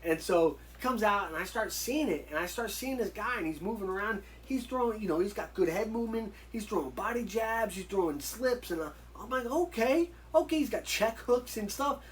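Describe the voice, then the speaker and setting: A man, a guest in an interview, telling stories in a casual, animated way and acting out the dialogue he quotes. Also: high-pitched, fairly quick, hardly any pauses, slight background noise, rough recording. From United States. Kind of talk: casual storytelling.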